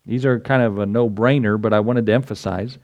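A man's voice: fairly low pitch, steady tone, a little mellow. Conversational middle-aged male pastor preaching. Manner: conversational preaching, asks the congregation "right?", quick asides and chuckles. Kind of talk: sermon.

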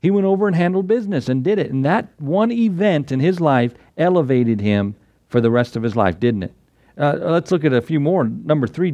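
Here a man with a mid-range voice delivers a conversational sermon, recorded with no echo. Addressing his listeners directly, he brings his stories to life by acting out what the people in them said.

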